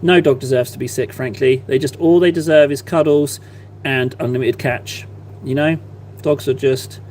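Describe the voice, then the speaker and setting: A man's voice: mid-range voice, fairly even intonation, normal speed, a little mellow, slight background noise. Chatty man, rambling stream talk. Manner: rambling, chatty, self-deprecating. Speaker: live-stream painter. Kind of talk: casual live-stream chat.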